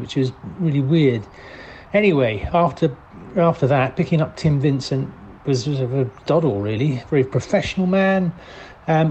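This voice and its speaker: A mild, polite man talks on and on into a voicemail in a deadpan, hesitant way, stopping often on fillers. His voice sits at a middling pitch. A faint noise hums behind him. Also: poor audio. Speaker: driver leaving voicemails. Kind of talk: deadpan comedy voicemail monologue.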